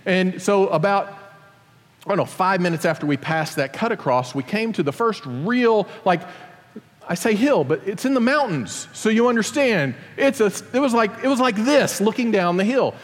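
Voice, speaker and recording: A middle-aged father telling a personal story to an audience in an animated, self-deprecating way. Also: high voice, moderate pace, long reverb tail.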